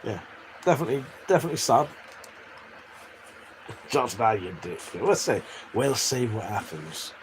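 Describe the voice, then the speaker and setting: A man's voice: mid-range voice, very animated, normal speed, long pauses, rough recording. An English man chatting casually and crudely on a live stream, reading out chat messages and laughing often. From England. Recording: faint background noise.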